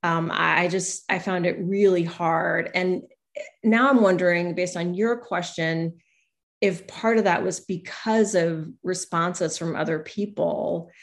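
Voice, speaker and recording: Female interview guest, low-ish voice, candid and reflective, voices quoted remarks. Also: steady tone, unhurried. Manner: reflective, often acts out what others said. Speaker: guest, newspaper columnist.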